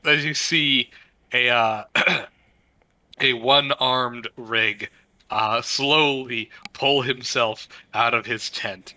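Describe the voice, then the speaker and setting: A man narrating as game master of a tabletop game, halting often with fillers as he describes the scene. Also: mid-range voice, steady tone, pushed and bright, no echo, poor audio. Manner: halting narration with many uhs.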